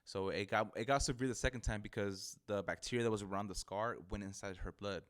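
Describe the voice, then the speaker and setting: A man's voice: lowish voice, a little fast. A young man, a barber guest on a podcast, chatting casually in a rambling, slangy way full of restarts. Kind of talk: casual chat.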